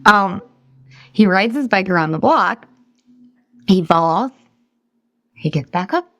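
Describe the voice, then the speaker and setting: A woman's voice: medium pitch, lively intonation, takes it slowly, fairly bright tone, no room sound. A woman in her thirties leading a live weight-loss coaching class, chatty and encouraging, firing questions at the group and laughing at herself when she drifts off topic.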